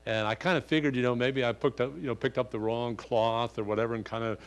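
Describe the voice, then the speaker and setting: A man's voice: mid-range voice, fast, clear, resonant tone. Folksy older man preaching a sermon. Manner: rambling, lots of "you know", animated when retelling. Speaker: pastor. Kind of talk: sermon with folksy personal story.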